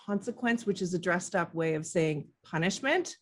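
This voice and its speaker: A woman's voice: on the low side, lively intonation, normal speed. A woman parenting coach speaking earnestly and with animation in an interview, often acting out how she talks to children. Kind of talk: interview conversation.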